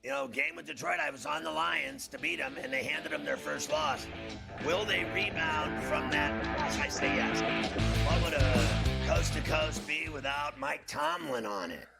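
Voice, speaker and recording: A man's voice: fairly high pitch, moderate pace, vocal fry, over loud music. A man co-hosting a sports betting show, giving blunt, incredulous opinions on trades and games.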